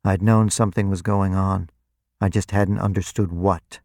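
A man reading first-person narration for an audiobook, deliberate and introspective. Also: sits low, fairly even intonation, a little mellow, no room sound, studio quality.

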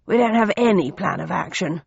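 A woman reader voicing a brisk, clipped older gentleman official in a hurry. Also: on the low side, creaky, husky, dry recording, lo-fi sound, exaggerated voice. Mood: urgent.

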